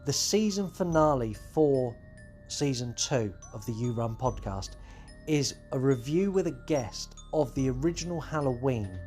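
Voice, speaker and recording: A man's voice: mid-range voice, expressive, measured pace, a little mellow, faint music behind. A man hosting a horror podcast, talking casually and rambling with many fillers. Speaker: podcast host.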